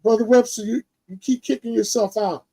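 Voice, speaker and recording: A man's voice: very high voice, fairly even intonation, fairly quick, dark tone, breathy edge, no room sound. A man instructing a class in casual chat, talking others through technical steps and repeating himself.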